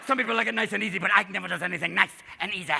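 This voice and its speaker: A man doing a stand-up comedy set, talking in a manic, rapid-fire way and jumping into shouted character voices in front of a live audience. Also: high-pitched, creaky, slight background noise. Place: large hall with a live audience. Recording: reverberant live hall, crowd faintly behind.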